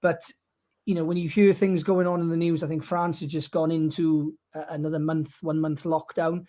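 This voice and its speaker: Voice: medium pitch, flat delivery, moderate pace, warm tone. A co-host on a podcast livestream, rambling and thinking aloud with lots of ums. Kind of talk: casual livestream chat.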